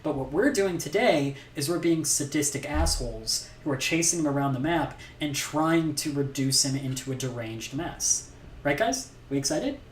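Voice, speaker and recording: A woman's voice: low-pitched, moderate pace. A woman hosting a live game stream, upbeat, explaining mechanics and egging on the chat. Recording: roomy, distant mic, faint noise.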